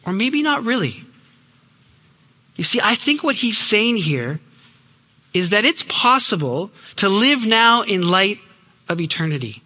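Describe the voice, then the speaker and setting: A young adult man preaching a sermon in an earnest, emphatic way, sinking low and quiet on key words. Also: big pitch swings, unhurried, pauses often, big-room sound.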